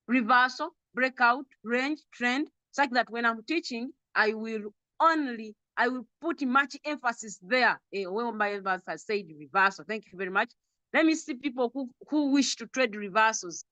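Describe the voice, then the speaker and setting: A woman's voice: a little high, bright, forceful tone, no room sound. A woman with a Ugandan accent teaching an online trading class over a video call, repeating points and drilling lists. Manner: repetitive, drilling lists, chuckles often.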